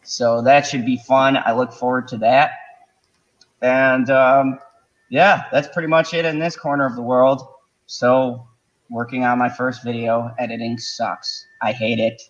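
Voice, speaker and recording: A man's voice: medium pitch, little pitch movement, a little slow. Guy hosting a fan chat stream, jokey, laughs a lot, kinda muffled lo-fi sound. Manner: laughs often, loose and joking. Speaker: host. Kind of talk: casual chat.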